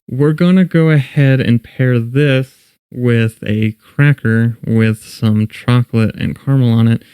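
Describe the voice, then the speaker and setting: Mellow-voiced male podcast host. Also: mid-range voice, smooth, dry recording, clean studio sound. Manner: relaxed, tasting and describing coffee. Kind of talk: casual chat and scripted intro.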